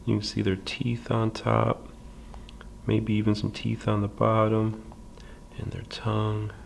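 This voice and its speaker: A man with a deep, gravelly voice leads a slow, patient drawing lesson. He speaks low and flat, with many pauses and fillers, and sometimes drops to a soft half-whisper as he draws. A faint hiss of background noise sits under his voice. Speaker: library drawing instructor.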